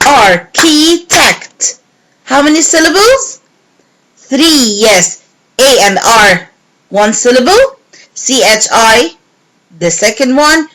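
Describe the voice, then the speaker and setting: A woman teacher giving a recorded English lesson to young pupils, repeating words slowly and clearly. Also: on the high side, fairly bright tone, poor audio. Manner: slow, clear, repeating words and clapping syllables.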